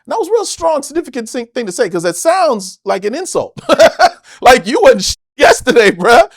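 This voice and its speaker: An American actor, guesting in a casual interview, tells stories in an animated, emphatic way with plenty of swearing. His voice is very high-pitched and his pace normal, recorded cleanly in a studio with no room sound.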